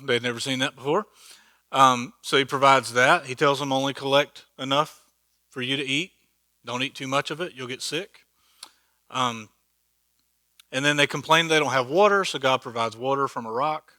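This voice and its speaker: A man teaching an informal Bible study, animated and chatty, acting out quoted speech with humor and often checking in with his listeners. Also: mid-range voice, no echo. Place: church meeting room.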